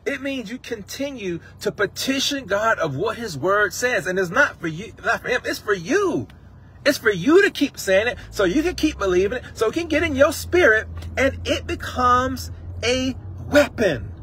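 A man's voice: very high voice, big pitch swings, moderate pace, a bit bright, slightly rough. A man preaching a sermon on a livestream, impassioned and emotional, breaking into song. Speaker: pastor. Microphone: livestream phone mic.

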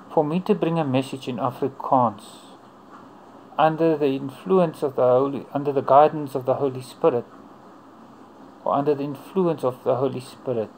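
A man's voice: mid-range voice, darkish tone, a little hiss or hum, rough recording. Earnest man giving testimony. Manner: earnest, unhurried, in short broken phrases. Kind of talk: personal faith testimony.

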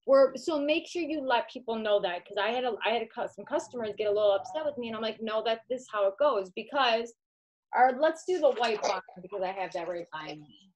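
Showing off products in a casual home video, this Midwestern American direct sales consultant chats with the listener and calls her "girl." Her voice is on the high side, lively in intonation and a little fast, and the recording is low quality.

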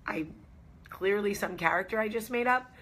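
A woman's voice: mid-range voice, normal speed, background noise. A woman hosting a casual talk to camera, speaking in an earnest, reassuring way and repeating key phrases for emphasis. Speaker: host.

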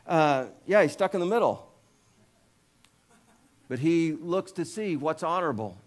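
A man's voice: animated, measured pace, pauses often. A male pastor preaching a sermon, retelling scripture in a casual storytelling way with jokes and asides, raising his voice when he quotes the people in the story. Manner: lifts pitch and volume when voicing quoted figures.

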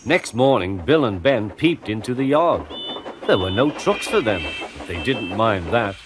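Man narrating an expressive storybook. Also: fairly low pitch, a little slow, background noise. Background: background music.

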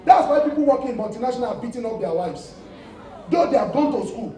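A man with a Nigerian accent, a lawyer giving a public talk on a panel, speaking emphatically and building up to loud points. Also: very high-pitched, lively intonation, quick pace, far from the mic. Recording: echoey room, voice picked up from afar.

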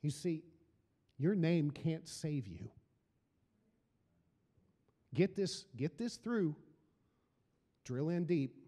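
A man's voice: on the high side, lively intonation, extremely slow, long pauses, dark tone, long reverb tail. A middle-aged man preaching a sermon as pastor, building emphasis through repeated phrases. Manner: preaching with rising emphasis and repetition.

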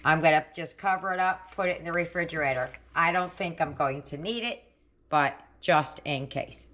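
A middle-aged woman hosts a cooking video from her home kitchen, talking casually and musing out loud as she works. She has a low-pitched, fairly bright voice and keeps a moderate pace.

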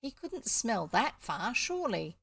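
A woman's voice: fairly high pitch, sing-song, measured pace, gravelly, fairly bright tone, slightly rough, no echo, full character voice. A woman playing a flustered kindly doctor. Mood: puzzled. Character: kindly excitable male animal doctor.

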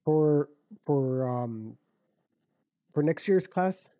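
A man co-hosting a casual sports podcast, talking in a halting, deadpan way with many restarts. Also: fairly high pitch, no room sound, narrow, tinny audio. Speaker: podcast co-host. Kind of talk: casual chat.

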